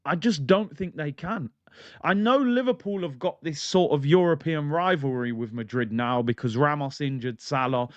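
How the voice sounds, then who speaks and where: A man's voice: on the high side, moderate pace, no room sound. A man hosting a football livestream, talking in a passionate, blunt, ranting way. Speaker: football channel host. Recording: dull lo-fi, dry sound.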